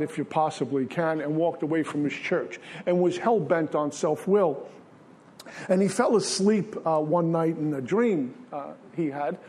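A man with a somewhat higher voice than most men shares his personal testimony at a recovery meeting. He speaks earnestly in plain everyday language, telling the story step by step as a lesson. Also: darkish tone.

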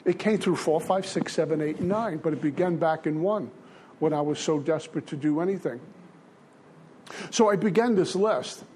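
An older man tells his story at a recovery meeting, earnest and repetitive, his voice sitting a little high for a man. A faint hiss of background noise runs under the talk. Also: moderate pace, darkish tone. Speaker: recovery speaker. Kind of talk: personal testimony talk.

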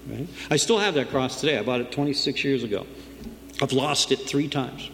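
A man's voice: mid-range voice, moderate pace, gravelly. A middle-aged man speaks to a group at a meeting and tells his story of getting sober in a loose, conversational way. He often checks in with "right?" as he goes. His voice carries a long room reverb over a faint background hum. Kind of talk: personal recovery story told to a group.

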